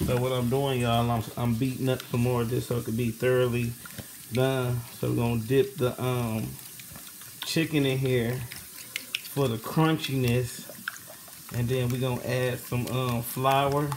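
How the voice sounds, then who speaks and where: A man's voice: mid-range voice, flat delivery, unhurried, a little mellow, a little hiss or hum. Coaxing man guiding kids in kitchen. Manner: coaxing, patient, calls out directions. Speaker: vlogger teaching kids to cook. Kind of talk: casual vlog instruction. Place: home kitchen.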